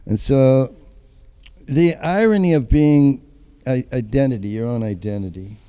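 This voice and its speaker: Older male artist, warm dark timbre, lively anecdotal storyteller. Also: mid-range voice, unhurried, clear, resonant tone. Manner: animated storyteller acting out quoted voices. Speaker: guest artist. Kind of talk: casual storytelling chat.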